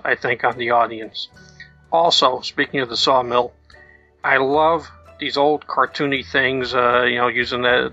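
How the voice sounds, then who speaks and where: A man giving a rambling, halting review of an episode. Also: mid-range voice, pushed and bright, dull audio. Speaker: listener reviewer. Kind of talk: casual review.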